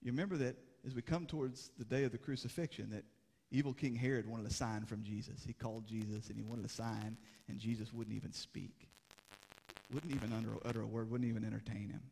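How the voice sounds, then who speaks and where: A young adult man preaching a sermon as pastor, moving between urgent, rising exhortation and hushed, grave passages. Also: lowish voice, steady tone, a little fast, creaky. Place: church sanctuary. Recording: long hall reverb.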